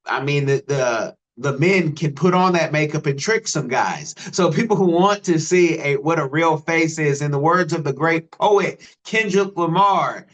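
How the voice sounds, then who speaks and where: A man's voice: fairly high pitch, a little slow, hardly any pauses. A man from the United States hosting a podcast interview, joking and rambling, often stumbling over his words. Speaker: podcast host. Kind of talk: interview conversation.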